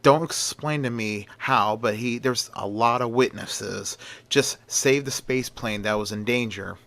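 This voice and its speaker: A man voicing an excitable, pushy female reporter who fires off rapid, insistent questions. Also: medium pitch, vocal fry. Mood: breathless.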